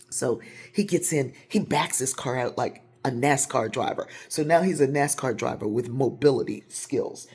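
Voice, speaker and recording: Gravelly-voiced woman telling a lively story. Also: very deep voice. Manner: animated, gets louder and faster as the story builds. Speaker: storyteller sharing a personal story. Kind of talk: casual personal storytelling to camera.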